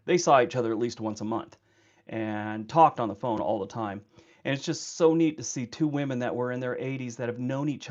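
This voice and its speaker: Livestream host, man, mid pitch, rambling chatter, dull lo-fi sound. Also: darkish tone. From California. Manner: rambling, chatty, quick to laugh. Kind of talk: casual livestream chat.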